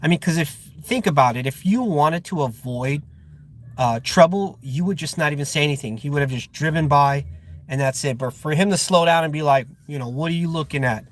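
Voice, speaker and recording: A man's voice: fairly high pitch, brisk. A man working as a security guard, chatting casually on a live stream, rambling with fillers and sounding irritated. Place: outdoors at a guarded facility.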